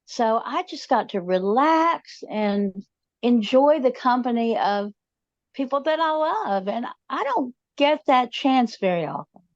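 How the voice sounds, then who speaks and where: A woman's voice: fairly high pitch, sing-song, unhurried, dry recording. A middle-aged woman with a Southern US accent, co-hosting a casual chat in an easygoing storytelling way. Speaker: co-host. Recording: dull lo-fi remote audio.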